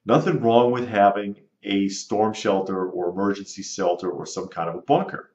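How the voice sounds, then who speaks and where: A man's voice: fairly low pitch, fairly even intonation, moderate pace, a little mellow. A man hosting his own channel, bluntly and sarcastically answering rude viewer comments in casual commentary. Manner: blunt, sarcastic, dismissive of critics. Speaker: channel host. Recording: roomy, slightly dull audio.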